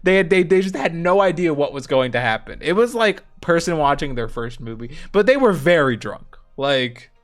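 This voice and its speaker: A young man co-hosting a stream, telling rambling, animated stories in casual chat. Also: on the high side, normal speed, hardly any pauses. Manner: animated storytelling, rambling with restarts. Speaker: streamer co-host.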